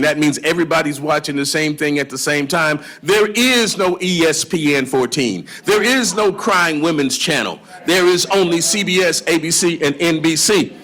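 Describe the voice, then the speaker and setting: High-voiced folksy blues storyteller, man. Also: expressive, moderate pace, fairly bright tone. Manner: folksy storyteller, drawls into song. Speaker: blues historian and guitarist. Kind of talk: live lecture with guitar demonstrations. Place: live event before an audience. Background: guitar playing.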